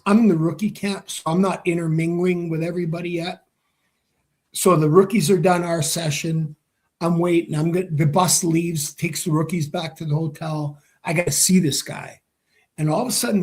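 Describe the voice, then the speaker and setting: A man with a slightly higher-than-usual voice spins a rowdy story in an interview. He acts out every line of dialogue and swears freely as he goes. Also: darkish tone. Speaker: former hockey player, guest.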